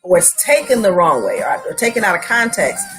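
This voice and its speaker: A woman's voice: fairly low pitch, sing-song, a little fast, a bit bright, faint music behind. A woman hosting a live-stream discussion, talking in a conversational way and agreeing emphatically. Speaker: host.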